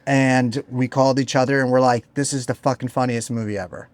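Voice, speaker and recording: A man co-hosting a podcast in casual chat, relaxed and profane, often trailing off softly. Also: medium pitch, fairly quick, dry recording. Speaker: podcast co-host.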